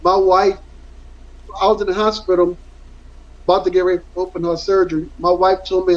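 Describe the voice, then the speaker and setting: A man's voice: high-pitched, level tone, brisk, pauses often. A middle-aged man, telling his story in a candid interview, earnest and rambling, repeating words for emphasis. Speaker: interview guest, former football player. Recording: dull lo-fi audio.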